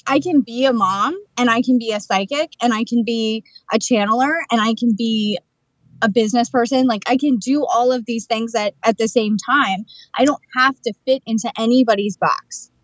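A woman co-hosting a podcast, telling stories in a chatty, animated way about her work as a psychic and channeler. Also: on the high side, normal speed, dry recording, highs cut off. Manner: chatty storyteller, animated retelling of conversations. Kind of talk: casual chat.

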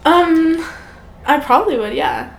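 A woman's voice: very high-pitched, a little slow, vocal fry. A young adult woman co-hosting a podcast, casual and giggly, often laughing as she talks. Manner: giggly and animated, frequent laughs. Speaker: podcast co-host. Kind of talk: casual chat. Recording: echoey room with faint noise.

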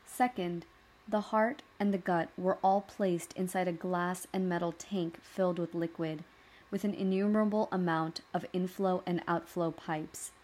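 Calm woman narrating a dark story. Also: fairly low pitch, a little slow. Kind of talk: scripted narration.

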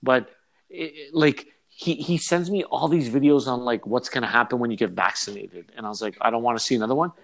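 A man hosting a casual podcast, telling stories in animated slangy talk and quick to laugh. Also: medium pitch, vocal fry, poor audio. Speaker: podcast host.

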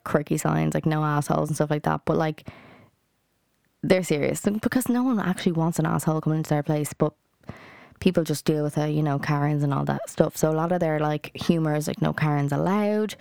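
A woman's voice: low-pitched, vocal fry, dark tone, smooth, no room sound, clean studio sound. A young Irish woman hosting a podcast alone, chatting casually in a blunt, rambling way, full of fillers and swearing. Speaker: podcast host. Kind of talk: casual solo podcast chat.

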